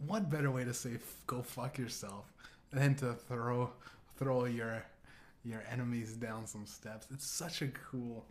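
A man's voice: medium pitch, fairly even intonation, measured pace. A man hosting his own podcast, rambling through a comedic monologue with frequent swearing, restarts and fillers. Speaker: podcast host.

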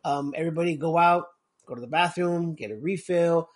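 A man's voice: a little high, a little fast. A man co-hosting a casual movie podcast, joking and rambling as he talks. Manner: joking, rambling, laughs often. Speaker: podcast co-host. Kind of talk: casual chat.

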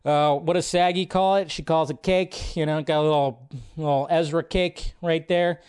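A man hosting a live stream, reacting to a movie trailer in casual, excitable commentary, swearing freely and chatting in asides. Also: on the high side, moderate pace, smooth. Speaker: host.

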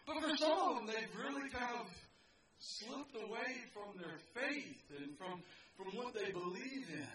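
Speaking to picnickers in a park, this male pastor preaches informally and tosses jokes to the crowd. His voice is very high, animated, a little slow, and sharp in tone, caught on a far-off mic amid crowd noise.

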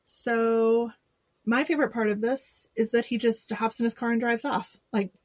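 Podcast co-host, female, sarcastic and laughing; slightly high, husky voice. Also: steady tone, normal speed, no echo. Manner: laughing, sarcastic, quotes people in mock voices. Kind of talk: casual chat.

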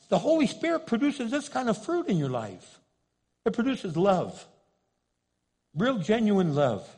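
A man who is a pastor, preaching a sermon with passion, rising to loud pleading and dropping to hushed asides. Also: high voice, huge pitch swings, measured pace, long pauses, slightly rough.

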